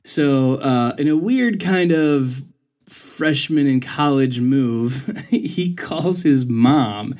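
A young man in casual chat, telling a story in an animated way and jumping up in pitch when he quotes people. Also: very slow. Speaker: storyteller in conversation.

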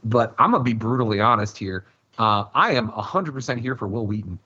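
A man on a podcast panel, talking in an animated, rambling way and acting out his own reactions. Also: on the low side, a little fast, breathy edge, dull audio. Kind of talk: casual podcast chat.

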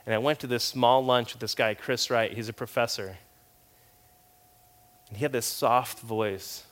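A man preaching a sermon in a conversational, storytelling way, and his volume swings between loud and quiet. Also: medium pitch, fairly even intonation, normal speed, pauses often. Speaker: pastor.

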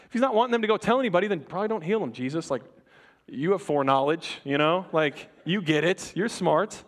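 A young adult man preaching a sermon to a congregation in a conversational, animated way, often restarting his sentences and acting out the people in the story. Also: on the high side, fast. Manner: conversational, animated, self-interrupting. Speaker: pastor. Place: church before a congregation.

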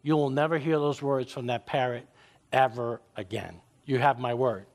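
Man playing a soothing shopkeeper, deeper and quieter than his own voice, steady and reassuring. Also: moderate pace, lightly acted. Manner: soothing, promising. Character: calm male pet store owner, reassuring.

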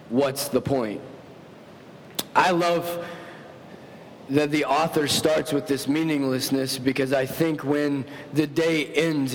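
A man preaching a sermon, telling stories with animated, self-mocking humor. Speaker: pastor. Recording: long hall reverb with faint rumble.

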